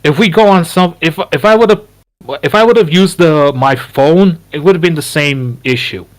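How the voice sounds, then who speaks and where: A man's voice: a little high, moderate pace. Repetitive male voice-chat guest. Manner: repetitive, restarts, reassuring. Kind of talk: casual chat. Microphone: computer headset over voice chat.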